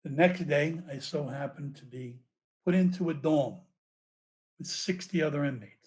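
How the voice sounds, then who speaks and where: A man, a former police officer, telling his story as a podcast guest in a profane, animated way. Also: a little high, moderate pace. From United States.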